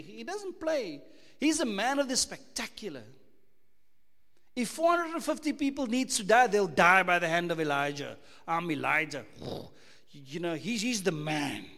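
A South African man preaching a sermon, emphatic, full of rhetorical questions, swinging between loud and hushed. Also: high voice, in a large hall. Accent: South African English.

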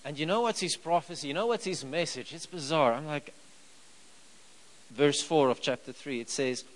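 A man's voice: fairly high pitch, normal speed, rough recording. A man preaching a sermon in a conversational way, asking the room questions and chuckling as he tells the story. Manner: conversational, asks the crowd rhetorical questions; chuckles while telling the story.

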